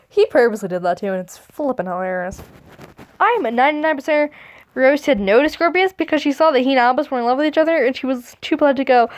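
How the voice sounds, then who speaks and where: A woman's voice: high voice, very animated, brisk. A woman reading fan memes aloud, joking, swearing and laughing as she goes. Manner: laughing, sarcastic, swears freely.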